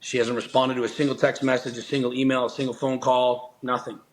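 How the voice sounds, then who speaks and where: A man's voice: medium pitch, flat delivery, fairly quick, slight background noise, rough recording. A middle-aged man telling a personal story as a podcast guest, earnest and intense, swearing often and restarting his sentences. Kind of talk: storytelling in conversation.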